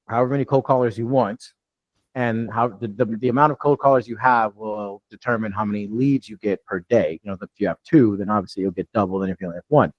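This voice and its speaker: A medium-pitched man from New York, USA, works as a real estate deal coach running a live online training over a video call. He talks loosely with many restarts, and the recording is dry with the highs cut off.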